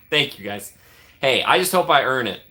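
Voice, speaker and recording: A man's voice: mid-range voice, big pitch swings, measured pace, pushed and bright. A man hosting a casual livestream, rambling and chatty, laughing often and thanking viewers by name. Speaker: livestream host.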